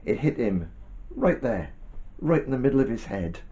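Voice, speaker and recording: A man telling a Bible story to a child in a gentle, animated way with chatty asides. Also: medium pitch, moderate pace, dull audio.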